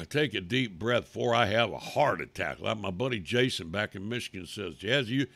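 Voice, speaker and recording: A man hosting a talk show, ranting angrily and profanely, swinging from shouts to mutters. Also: lowish voice, lively intonation, normal speed, vocal fry, no room sound. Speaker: radio talk host. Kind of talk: angry political rant.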